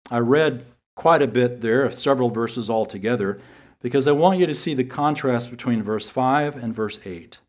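Earnest male Bible teacher. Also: mid-range voice. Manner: earnest, repeats key phrases for emphasis, reads scripture slowly. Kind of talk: sermon teaching.

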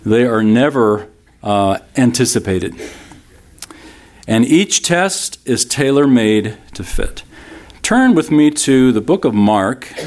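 A man in his fifties preaching a sermon in a relaxed, conversational way, mixing humorous stories with scripture. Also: on the low side. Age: 50s. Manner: conversational, humorous storytelling with laughs from the congregation. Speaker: pastor.

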